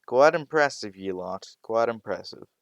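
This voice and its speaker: A man voicing a jovial male schoolteacher who makes loud, joking announcements to his class in a spoken fan story. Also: on the low side, expressive, moderate pace, clear, resonant tone, no echo, muffled recording.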